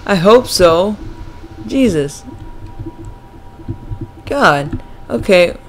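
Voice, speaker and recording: A young man giving excitable let's play commentary on a horror game, yelping and shouting when startled. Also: high voice, drawn-out words, faint music behind. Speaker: gaming YouTuber.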